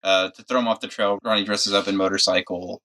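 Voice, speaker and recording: A man's voice: low voice, steady tone, a little fast, sharp tone. A man co-hosting a podcast, chiming in casually with plot details and short agreements. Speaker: podcast co-host. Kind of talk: casual movie recap chat.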